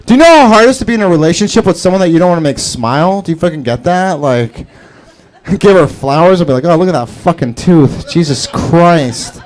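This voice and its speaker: A man doing a rambling, profane stand-up set on an open-mic stage, jumping into a squeaky high voice for scared bits. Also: animated, fast. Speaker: stand-up comedian. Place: comedy club stage before a live audience.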